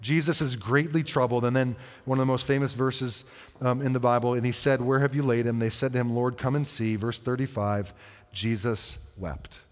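A man preaching a sermon, reading scripture and explaining it in a conversational way, asking the listeners questions and slowing down for the verses. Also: mid-range voice, steady tone. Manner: conversational, asks the congregation questions. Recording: long hall reverb.

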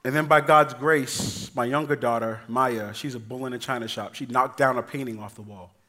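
A man preaching a sermon, telling family stories with acted voices and shifting between loud emphasis and quiet, casual delivery. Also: mid-range voice, moderate pace. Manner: animated storytelling, acting out voices of his kids; casual, addresses the congregation as y'all. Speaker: pastor.

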